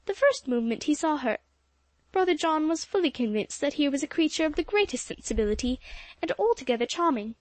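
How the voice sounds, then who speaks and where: A woman's voice: high voice, lively intonation, a little fast, no echo. A woman reading aloud, voicing an effusive, voluble, newly married older lady in a storybook. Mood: gushing.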